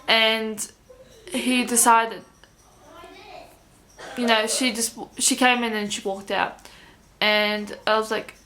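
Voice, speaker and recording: Young woman vlogger, kinda high voice, rambly storytelling, lots of "i'm like". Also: level tone, takes it slowly, pauses often, pushed and bright, slight background noise. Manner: rambling, with many restarts and quoted dialogue. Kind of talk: casual storytelling to camera.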